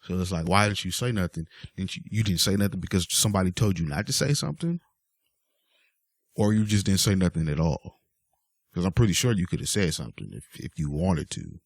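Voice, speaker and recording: Low-voiced man ranting casually. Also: expressive, a little fast, vocal fry, no room sound, studio quality. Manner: exasperated, rambling with many fillers. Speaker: vlogger. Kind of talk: casual rant to camera.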